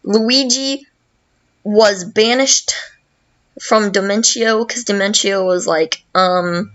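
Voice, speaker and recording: A young woman hosts a podcast, telling a story in a slow, loose, rambling way. She swears a lot and fills gaps with fillers. Her recording sounds dull and lo-fi. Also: mid-range voice, fairly bright tone. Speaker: podcast host. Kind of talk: casual plot retelling.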